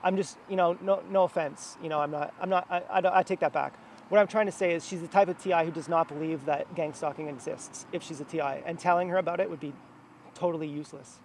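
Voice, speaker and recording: Man, high voice, rambling monologue, restarts and fillers, faint street noise outdoors. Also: fairly even intonation, fast talker, a little mellow. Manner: meandering, many fillers and restarts. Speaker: vlogger. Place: outdoors near a house.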